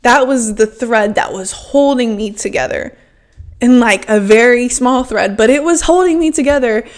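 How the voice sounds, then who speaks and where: Emphatic higher-voiced woman podcaster. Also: moderate pace. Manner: emphatic, frank, filler-heavy with frequent "like". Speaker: podcast host. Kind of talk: casual self-help monologue.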